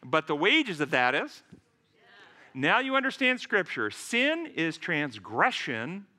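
Earnest man giving a lively, bright-voiced sermon. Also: on the high side. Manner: earnest, deliberate, storytelling. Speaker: physician and speaker. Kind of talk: lecture-style sermon.

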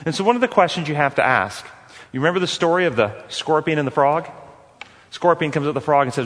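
A man's voice: on the high side, animated, fast, a bit bright. A man teaching a course on forgiveness, earnest and repetitive, telling stories and putting questions to the audience. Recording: long hall reverb.

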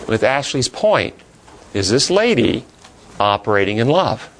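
A man's voice: medium pitch, big pitch swings, unhurried, a bit bright, slight background noise. A man teaching a classroom Bible lesson, asking the class questions and then answering them himself.

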